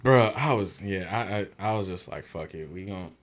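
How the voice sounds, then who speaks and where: A man's voice: low-pitched, moderate pace. A young man on a podcast, telling a wild story in slangy, swear-filled casual chat. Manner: slangy, swears freely, acts out quotes in other voices. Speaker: podcast guest.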